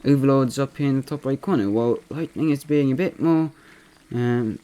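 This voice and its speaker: A man's voice: medium pitch, moderate pace, mellow, clean tone, lightly acted. A man putting on an impression of a video game caster, commenting on a replay with many fillers and self-corrections. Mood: upbeat commentary.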